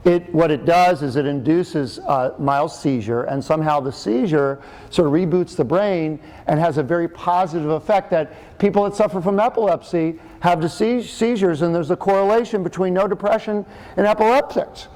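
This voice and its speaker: A man's voice: a little high, moderate pace, a little mellow. A middle-aged man giving a talk, telling a personal story in a chatty, joking way with frequent fillers and restarts. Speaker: speaker and author.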